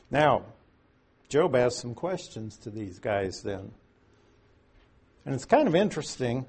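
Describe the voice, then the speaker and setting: A man's voice: medium pitch, a little mellow, breathy edge. A man teaching through Bible verses in a conversational way, with folksy asides and strong emphasis on key words.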